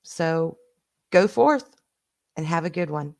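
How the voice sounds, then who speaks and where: A middle-aged Southern woman speaks slowly in a low, expressive voice with vocal fry and a Southern accent. Chatting warmly and casually with her stream audience, she laughs frequently and occasionally swears.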